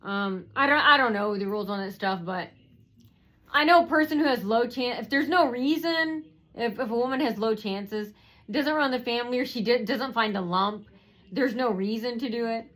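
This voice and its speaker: A woman's voice: a little high, moderate pace, a bit bright, low-quality recording. A woman telling a personal story in a rambling way, with many fillers and restarts.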